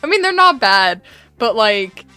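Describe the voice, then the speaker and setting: A woman's voice: fairly high pitch, big pitch swings, a little slow, pushed and bright, clean tone, soft background music. A young woman streaming a game, reading its dialogue aloud and voicing the characters in a giggly, sweary way. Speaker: gaming streamer. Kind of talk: casual let's-play commentary, reading dialogue aloud.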